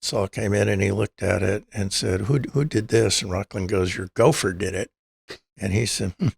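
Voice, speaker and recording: Older man, deep gravelly voice, husky, dry close sound, storytelling guest acting out dialogue. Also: moderate pace, no echo. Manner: anecdotal, acts out quoted dialogue. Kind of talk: storytelling interview.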